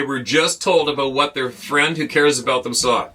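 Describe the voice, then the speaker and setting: Blunt, swearing man with a bright voice. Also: medium pitch, normal speed, slight background noise. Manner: blunt, profane and exasperated. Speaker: host. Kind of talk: ranting monologue to camera. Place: on a boat.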